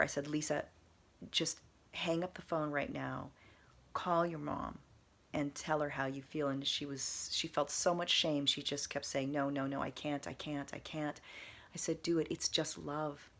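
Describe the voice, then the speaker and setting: A woman vlogger telling a personal story in a casual, earnest, meandering way, repeating soft emphatic phrases. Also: deep voice, little pitch movement, measured pace, vocal fry.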